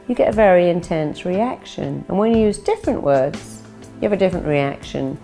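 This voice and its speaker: A middle-aged woman giving a motivational talk. She acts out people's inner voices, bright and upbeat for the confident ones and low and gloomy for the negative ones. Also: expressive, normal speed, creaky. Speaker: motivational speaker. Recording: soft music behind.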